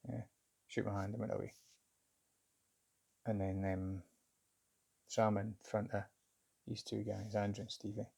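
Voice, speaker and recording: Middle-aged man, dark low husky voice, reflective first-person story, candid and halting. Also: flat delivery. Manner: candid, halting, self-searching. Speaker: vlogger recounting a job interview.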